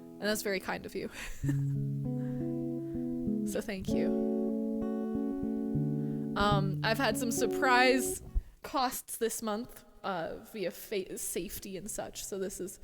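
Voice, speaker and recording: A young woman in her twenties streaming live, excitedly thanking donors, swearing and fighting back tears. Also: mid-range voice, slow pace, pauses often, loud music behind the voice. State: close to tears. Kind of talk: casual live-stream chat.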